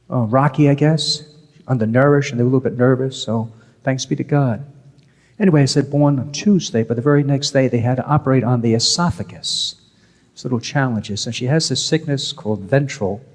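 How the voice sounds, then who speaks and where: A man's voice: mid-range voice, a little mellow. A man, a priest, giving a conversational sermon, repeating key phrases for emphasis. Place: church. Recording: church with long reverb.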